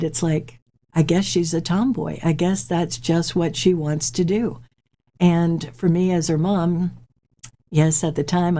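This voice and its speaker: A woman in her forties hosting a show, telling a personal story in a candid, reflective, halting way. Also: sits low, dark tone. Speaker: host.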